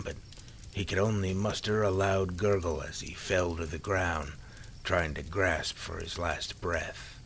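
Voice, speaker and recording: A man narrating a story in a calm, measured reading voice. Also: low-pitched, a little hiss or hum.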